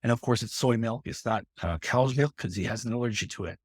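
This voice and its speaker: A man's voice: mid-range voice, fast, slightly rough, no room sound. A middle-aged man from Canada, a guest author speaking earnestly in a casual interview, with many restarts and fillers.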